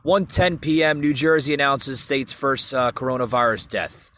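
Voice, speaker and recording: This podcast host has a medium-pitched, slightly bright voice and speaks at a normal speed, with a little hiss or hum in the recording. Alone at the mic, he rambles through the news casually, stopping and restarting often and addressing his listeners directly.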